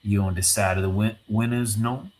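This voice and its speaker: A man voicing a cocky, smooth-talking male rogue with a drawling, broken-English banter. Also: lowish voice, fairly even intonation, moderate pace, a little mellow, natural voice. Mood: smug. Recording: echoey room, faint noise.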